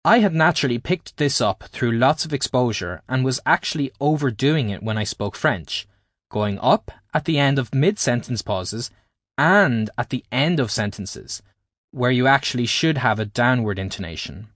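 Man narrating with lively intonation. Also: medium pitch, normal speed, no room sound, clean studio sound. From Ireland. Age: adult, at least 20s. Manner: explanatory, carefully paced teaching delivery. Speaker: author reading his own book. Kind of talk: scripted audiobook narration.

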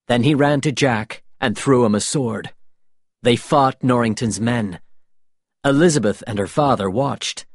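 A man narrating a storybook in a slow, expressive reading voice. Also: mid-range voice, no room sound, clean studio sound.

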